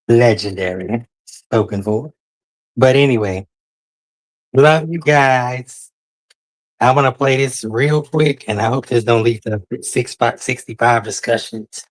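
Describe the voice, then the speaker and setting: Brief: sassy male streamer, slow drawl, dry close sound, casual banter. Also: mid-range voice, no echo. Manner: sassy, drawling, calls listeners honey and child. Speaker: livestream host. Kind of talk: casual livestream chat.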